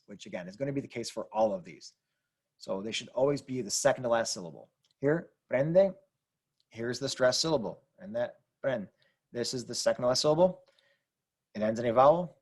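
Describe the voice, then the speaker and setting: A man explaining Spanish grammar rules over slides in a relaxed way, repeating points with fillers. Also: mid-range voice. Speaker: Spanish teacher.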